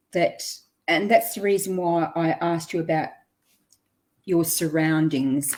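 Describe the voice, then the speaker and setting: A woman's voice: lowish voice, darkish tone. A woman hosting a casual interview over a video call, sympathetic and murmuring agreement often. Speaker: host.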